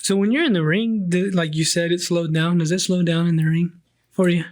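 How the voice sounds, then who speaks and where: A man with a fairly high voice hosts a podcast in loose, casual chat. He asks blunt, crude questions and laughs readily at his guest's stories. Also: steady tone, a little fast. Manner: crude, laughs easily, short reactions. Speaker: podcast host.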